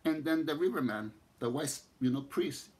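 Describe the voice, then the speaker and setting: A man with a Mexican accent telling a long story, unhurried and warm-paced, restarting phrases as he goes. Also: slightly rough. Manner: unhurried, repeats and restarts phrases, voices the figures with rising pitch. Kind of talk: spoken storytelling.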